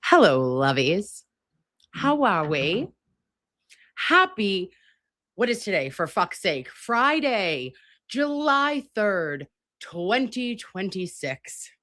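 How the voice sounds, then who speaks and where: A woman's voice: mid-range voice, big pitch swings, slow pace, a bit bright. A woman in her forties hosting a casual livestream, brash, profane and campy, with lots of asides. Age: 40s. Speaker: livestream host.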